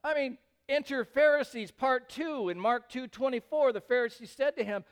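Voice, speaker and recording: A male pastor delivers a sermon in a high, smooth, resonant voice. He preaches in an animated way and rises into loud, emphatic bursts. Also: moderate pace.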